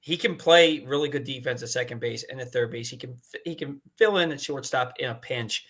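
A man's voice: medium pitch, a little fast, fairly bright tone, husky. A man co-hosting a casual sports talk show, ranting with exasperated emphasis. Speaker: podcast co-host.

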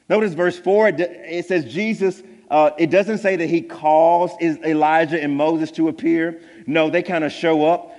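Pastor guy preaching, earnest, goes quiet and low at times, slightly high voice, long hall reverb. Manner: earnest, drops to a hushed low voice for tender points. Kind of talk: sermon.

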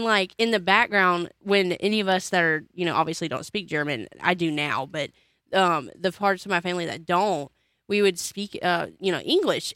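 A woman's voice: lowish voice, no echo. Chatty American woman, dry close sound. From United States. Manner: chatty, animated storytelling with many fillers. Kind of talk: casual chat.

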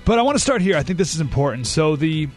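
A man hosting a talk radio show, speaking casually but emphatically. He slows right down to stress his points and breaks into animated outbursts. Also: a little high, faint music behind. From San Diego area. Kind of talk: conversational talk radio monologue. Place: radio studio. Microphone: studio microphone.

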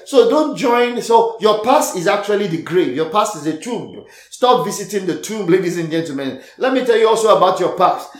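A man's voice: sits high, roomy sound. A man preaching a sermon, repeating key lines and calling out to the congregation. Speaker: pastor.

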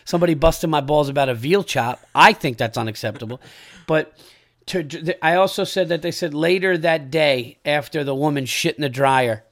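A man's voice: on the high side, moderate pace, fairly bright tone. A man hosting a casual comedic podcast chat, ranting in heated, profane bursts and breaking into laughter. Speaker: podcast host.

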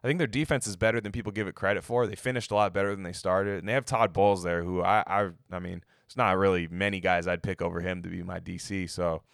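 Low-voiced guy rambling draft picks, swears a lot, super dry recording. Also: fairly even intonation, quick pace, vocal fry, hardly any pauses, fairly bright tone, no echo. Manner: loose, profane, opinionated rambling. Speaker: NFL mock draft podcaster. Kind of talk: casual sports talk.

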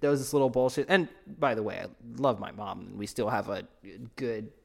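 A man's voice: on the low side, a little fast, creaky. A young man in his twenties co-hosting a podcast, rambling and swearing freely. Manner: animated, swears, rambling fillers. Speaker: podcast co-host. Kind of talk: casual chat.

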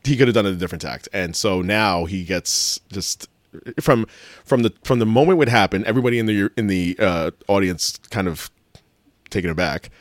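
Casual podcast co-host, male, lowish voice, rambling and animated, dry close sound. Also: a little fast, no room sound. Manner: rambling, animated, self-correcting, swears casually. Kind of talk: casual chat.

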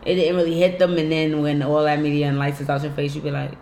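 A woman's voice: low voice, flat delivery, fast, darkish tone, roomy sound, slight background noise. A woman in casual podcast chat, candid, laughing often and swearing freely. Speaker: podcast co-host.

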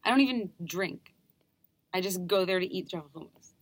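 This is a low-ish female voice with no echo: a young New Yorker with an American accent, talking enthusiastically as a guest performer in an interview. The conversation is casual, and she's chatty, keen, and quick to restart her thoughts.

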